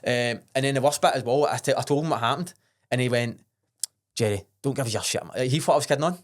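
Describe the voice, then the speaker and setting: A young Glaswegian man guests on a podcast, telling a story in rapid-fire fashion with a mid-range voice. He's blunt and earnest, swearing freely and often restarting his sentences.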